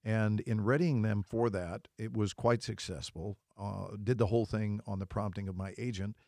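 Low-voiced, animated older actor. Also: male voice, normal speed, gravelly, no room sound, studio quality. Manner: animated storyteller who slips into voices. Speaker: actor and inspirational speaker, guest. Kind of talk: casual interview chat.

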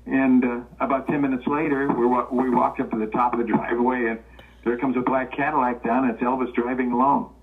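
A man's voice: medium pitch, fairly quick. An older man from Los Angeles, a guest telling old stories and acting out the voices of the people in them. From Los Angeles, California. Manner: relaxed anecdotal storytelling, acting out quoted voices. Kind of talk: storytelling interview. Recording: tinny phone-line sound.

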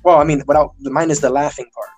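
A man's voice: a little high, steady tone, fast, darkish tone, soft background music. A man from the Dominican Republic talking reflectively in casual conversation, rambling a little as he works through his points. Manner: reflective, rambling, hedging with fillers.

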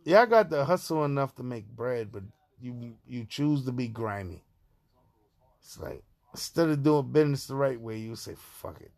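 A man's voice: mid-range voice, expressive, normal speed, a little mellow. A man from Far Rockaway, Queens, with a New York accent, talking through a profane, rambling opinion monologue as a podcast host.

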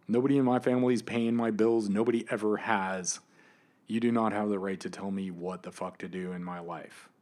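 A man hosting his own podcast, ranting with anger and frequent swearing, swinging between loud outbursts and quiet asides. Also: lowish voice. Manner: angry, emphatic, swears often, swings between loud and soft. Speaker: podcast host. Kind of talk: impassioned solo podcast rant.

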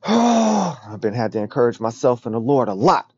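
A man giving a raw, rambling, profane confessional monologue as a podcast host, often dropping to a low murmur. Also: big pitch swings, normal speed, darkish tone, slightly rough. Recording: dull dry lo-fi recording.

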